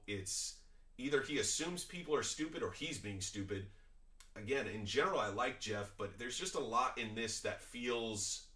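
A man's voice: medium pitch, bright, forceful tone, roomy sound. A man hosting a reaction video, giving opinionated, critical commentary on a clip in a conversational way.

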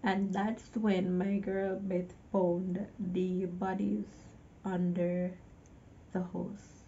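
A woman recaps a film in a loose, chatty way and keeps breaking off to vent at the viewer. Her voice is gravelly and mellow. The recording sounds a little dull and lo-fi. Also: mid-range voice, level tone, drawn-out words, a little hiss or hum. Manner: chatty, exasperated asides to the viewer. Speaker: movie reviewer. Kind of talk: casual movie recap.

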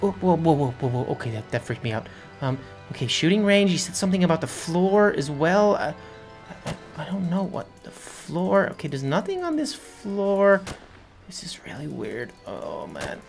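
A young woman narrates her game play in a lively, swooping voice, excitable and prone to nervous stammers and rambling asides. Faint music runs beneath her. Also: sits low, moderate pace, creaky. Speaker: game video host playing a character.

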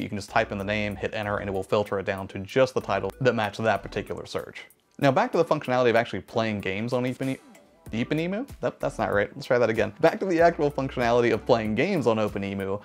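A young man talks quickly in a low voice, hosting a tech video with a relaxed, chatty voice-over. He narrates a scripted overview and sometimes stops to correct himself. Faint music plays underneath.

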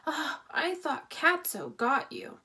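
A woman's voice: high-pitched, huge pitch swings, slow, bright, forceful tone, voice pushed up, full character voice. A woman doing a hesitant, doubtful teenage boy. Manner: hesitant, wondering.

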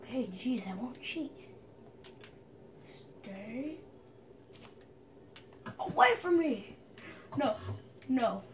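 A woman streamer giving excitable gameplay commentary, yelling at the enemies on screen. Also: sits high, very slow, pauses often, slight background noise.

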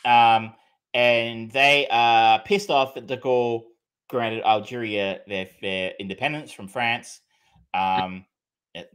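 On a film podcast, a male co-host with a lowish, somewhat bright and clean voice chats casually while reviewing films, with plenty of fillers, restarts and the occasional swear word.

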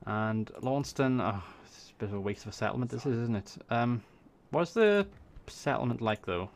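A man's voice: mid-range voice, animated, normal speed, creaky. A Welsh man casually thinking aloud as he commentates a strategy game, swearing when surprised. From Wales. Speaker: gaming YouTuber. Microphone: desk USB microphone.

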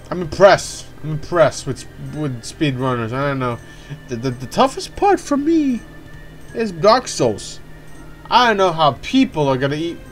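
A young man commenting casually on a video game he is playing, talking in a hyper, rambling, excitable way. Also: on the high side. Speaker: let's play host.

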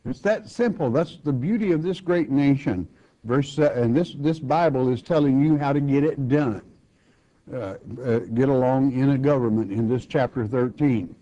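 An older man, teaching a Bible chapter in a homespun, plainspoken way, with halting restarts. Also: mid-range voice, dark tone. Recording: dull lo-fi recording.

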